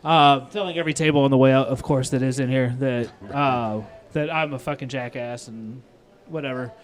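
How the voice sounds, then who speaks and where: A man's voice: mid-range voice, moderate pace. A man with a Midwestern American accent, a restaurant owner and chef, telling stories in casual chat, swearing freely and acting out both sides of arguments. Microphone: lapel mic.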